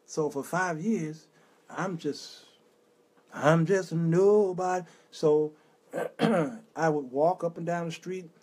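A man's voice: fairly high pitch, slow, darkish tone, husky. A middle-aged man from Chicago's west side, hosting a show and telling an emotional personal testimony, now and then breaking into a few sung words. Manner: emotional storytelling with sung snippets. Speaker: host.

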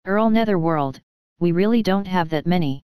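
A woman voicing a calm, decisive young saintess. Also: lowish voice, normal speed, clear, resonant tone, no room sound, close to an everyday voice.

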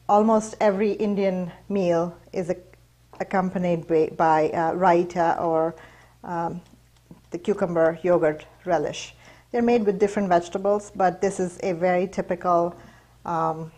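A woman's voice: lowish voice, rough recording. Chatty woman hosting a cooking show. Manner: relaxed, chatty, many fillers. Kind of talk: casual cooking demonstration. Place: kitchen.

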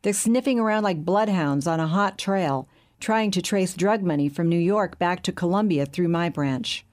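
A woman's voice: lowish voice, moderate pace, darkish tone, natural voice. A woman reading as a sweaty, nervous banker. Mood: anxious. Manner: anxious, complaining.

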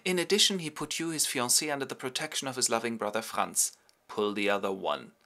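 A man voicing a sentimental, lovesick young noblewoman in a mocking falsetto. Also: a little fast, sharp tone. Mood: skeptical.

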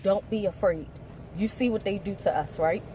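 A woman's voice: mid-range voice, normal speed, noisy background. A woman in her twenties in a heated, defiant confrontation, profane and insistent, recorded on a phone inside a parked car. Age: 20s. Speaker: driver confronting police.

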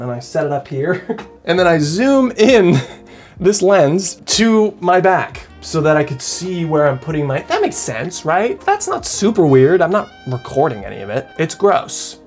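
Rambling young man vlogging to camera. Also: fairly high pitch. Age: young adult. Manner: rambling and self-mocking, with frequent laughs and restarts. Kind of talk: casual chat to camera.

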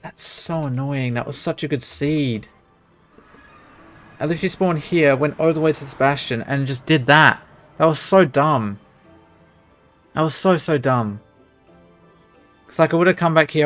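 A young man with a mid-range, slightly bright voice streams himself speedrunning a game. His live commentary is mostly self-talk: muttering under his breath and reacting out loud to what happens on screen.

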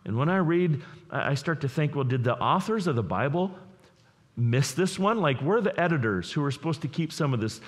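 A man's voice: on the high side, expressive, fairly quick. A man who is a pastor, preaching a sermon in an earnest, conversational way. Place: church. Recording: long hall reverb.

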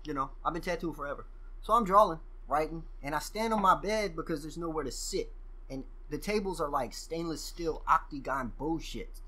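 Male guest, casual profane storyteller, animated delivery, bright tone. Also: on the high side, moderate pace. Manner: profane, animated storyteller who acts out quoted exchanges. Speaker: podcast guest.

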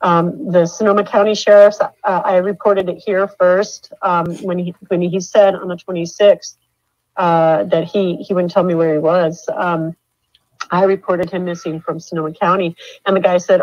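A middle-aged woman telling her story in an interview, halting with many fillers and restarts, her voice rising when upset. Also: on the low side, little pitch movement, darkish tone, no room sound. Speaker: mother of a missing man, interview guest. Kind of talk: emotional interview account. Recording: dull dry lo-fi sound.

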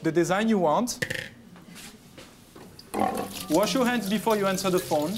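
French-accented chef guiding a demo. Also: male voice, high voice, unhurried, heavy background noise. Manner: chatty, joking, step-by-step instructions. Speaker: pastry chef host. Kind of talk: cooking demonstration. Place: TV kitchen studio.

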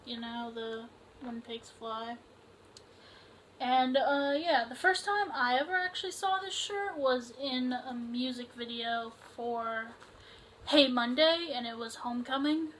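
Bright-voiced young woman gushing over a haul. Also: on the high side, a little slow, a little hiss or hum, poor audio. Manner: excitable, gushing, chatty with many fillers. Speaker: vlogger. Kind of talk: casual haul unboxing vlog.

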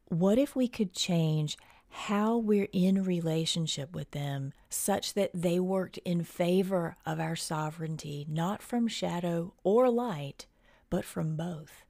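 A middle-aged woman hosting a podcast, speaking in a soft, hushed, unhurried way that often drops to breathy near-whispers. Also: lowish voice. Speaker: podcast host. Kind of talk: slow meditative spoken reflection.

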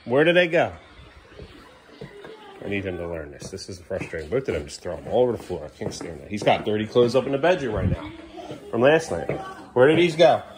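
With a fairly quick, sing-song voice on the low side, a father narrates a kitchen family vlog, pausing often as he coaxes and then firmly handles his kids. He turns to the camera for chatty asides while a crowd murmurs in the background.

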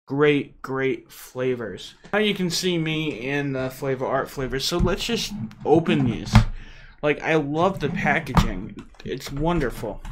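A man's voice: medium pitch, slight background noise. A man hosting a casual unboxing vlog, chatty and rambling, with frequent "uh" fillers. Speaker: channel host.

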